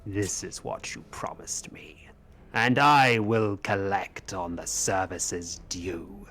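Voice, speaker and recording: A man's voice: deep voice, slow pace, bright, forceful tone, exaggerated voice. A man voicing a gaunt undead king who coldly demands that a sworn pact be honoured. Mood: imperious. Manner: commanding, demanding obedience.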